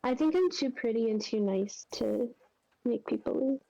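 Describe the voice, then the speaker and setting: A woman playing a tabletop game, giving relaxed, amused answers. Her voice is dark and mellow with a gravelly edge. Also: on the high side, moderate pace, muffled recording. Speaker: player.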